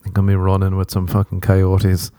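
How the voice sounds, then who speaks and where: A man's voice: low-pitched, monotone, fairly quick, warm tone, dry recording, studio quality. An Irish man in his thirties hosting a podcast, rambling through a sweary, self-mocking comic monologue. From Ireland. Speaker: podcast host. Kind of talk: casual comedic monologue.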